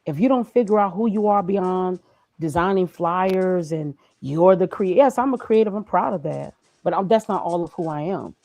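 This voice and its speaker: Woman guest on a chat, kinda preachy, lots of rhetorical questions, lowish voice, dry sound. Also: moderate pace, dark tone, no room sound, poor audio. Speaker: graphic designer and guest. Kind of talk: conversational interview.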